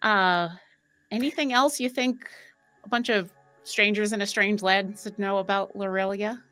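A woman's voice: medium pitch, fairly even intonation, a little slow, sharp tone, clear, resonant tone, faint music behind. A woman playing a tabletop game, chatty and thinking aloud. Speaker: player. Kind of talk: casual tabletop play.

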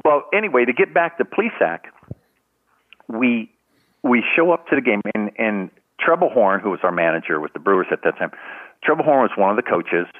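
A low-voiced older man spins a long, rambling anecdote, circling back with "you know" and halting restarts. His voice comes through a thin, phone-like line with no room sound at all. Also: very animated, no echo. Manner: rambling anecdotes full of "you know" and restarts, acting out other people's lines. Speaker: guest, retired baseball team trainer. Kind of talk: casual storytelling in a podcast interview. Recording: tinny phone-like line, dry.

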